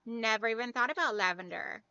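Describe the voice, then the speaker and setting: A woman's voice: a little high, brisk, sharp tone, smooth, no echo, muffled recording. A woman hosting a casual live stream, reading out viewer comments and answering in a friendly, chatty way. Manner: friendly, calls viewers girl.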